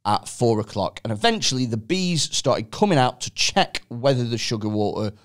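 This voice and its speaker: A man hosting a podcast, telling stories in an excitable, sweary, comedic way. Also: medium pitch, moderate pace. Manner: animated, sweary, excitable storytelling. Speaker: podcast host. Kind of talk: casual comedic chat.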